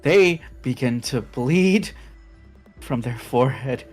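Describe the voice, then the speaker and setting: A tabletop role-play player narrating their own character's actions in slow, halting phrases. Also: medium pitch, faint music behind.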